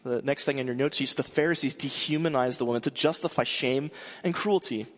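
A man preaching a sermon in a casual way, often restarting and filling pauses. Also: medium pitch, big-room sound. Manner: conversational with frequent restarts and fillers. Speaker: pastor.

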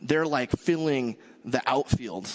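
A man preaching a sermon in a relaxed, conversational way, joking with his congregation. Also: mid-range voice, slow, in a large hall. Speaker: pastor.

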